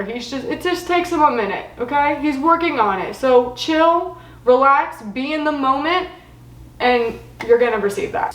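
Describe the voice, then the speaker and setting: A woman's voice: a little high, far from the mic. Chatty Floridian woman in an echoey room. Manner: chatty, animated, acts out her own quotes. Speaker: host. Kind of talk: casual storytelling vlog.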